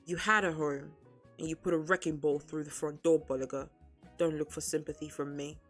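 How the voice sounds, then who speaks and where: Woman voicing a calculating young gang leader, deep low voice, flat menacing delivery, storybook reading, faint music behind. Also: brisk. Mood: cold threatening. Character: cool calculating young male crime boss.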